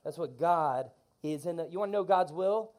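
A man preaching an energetic sermon to his congregation in a church, leading call-and-response lines. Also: on the high side, normal speed. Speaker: pastor.

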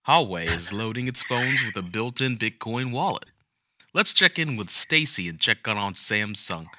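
A man's voice: fairly low pitch, animated, normal speed, pushed and bright, dry recording, studio quality. A man putting on a mock-serious male TV newscaster voice with an over-enunciated broadcast cadence.

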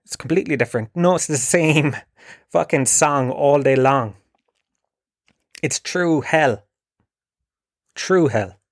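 A man's voice: medium pitch, no echo. Irish guy ranting and swearing a lot, sarcastic, rambly, dry close sound. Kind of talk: ranting comedic monologue.

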